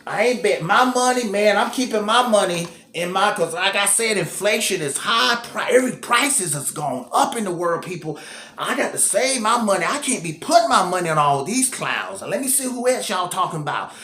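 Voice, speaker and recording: A man's voice: sits high, expressive, normal speed, pushed and bright, roomy sound. A man hosting casual tennis commentary, thinking aloud and repeating himself as he goes.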